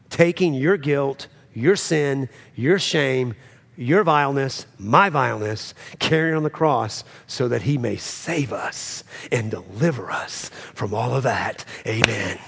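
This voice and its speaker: A man preaching a sermon, swinging between loud, high climaxes and low, quiet drops, repeating phrases for emphasis. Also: slow pace, vocal fry, husky. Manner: preaching with sudden rises and drops in pitch and loudness, repeating phrases. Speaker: pastor.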